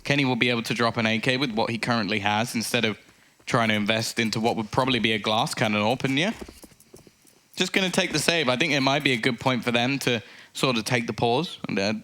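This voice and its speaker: A man giving live play-by-play commentary on an esports match, getting excitable on big plays. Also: medium pitch, quick pace, slight background noise.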